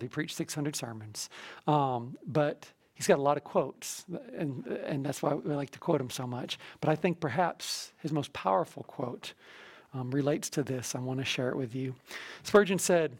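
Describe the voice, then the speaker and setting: A middle-aged male preacher with a slightly high, gravelly voice. He delivers a sermon as a story, acting out each person's lines as he retells them. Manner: storytelling, animated retelling with quoted dialogue. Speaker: missionary preacher.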